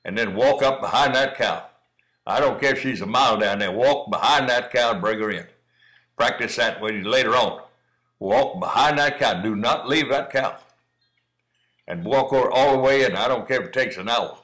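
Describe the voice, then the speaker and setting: At a moderate pace, a middle-aged man with a medium-pitched, slightly bright voice narrates dog-training footage in a relaxed, folksy manner. He's a cowdog breeder cheering on the listener, whom he calls son, and the audio quality is poor.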